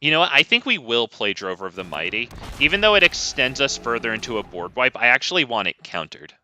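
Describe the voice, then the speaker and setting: A man's voice: medium pitch, very animated, fast, pushed and bright, no room sound. A young man giving casual, wry gameplay commentary with lots of ums, close to a desk mic.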